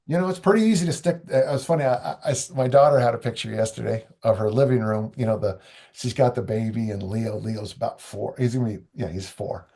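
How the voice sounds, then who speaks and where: A man's voice: lowish voice, quick pace, creaky, warm tone. An older man, a strength coach and author, talking casually in an interview, rambling with many restarts and asides.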